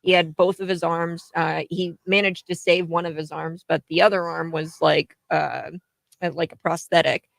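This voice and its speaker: A woman hosting a casual political chat, telling stories in an animated way and laughing easily. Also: on the low side, normal speed, vocal fry, dry recording. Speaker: host.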